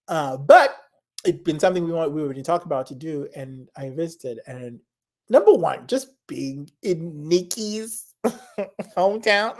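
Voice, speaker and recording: Young woman, low-ish voice, rambling casual guest, enthusiastic, laughs a lot. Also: lively intonation, a little slow, darkish tone. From Zimbabwe. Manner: rambling, enthusiastic, laughs often, repeats herself. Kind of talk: casual chat.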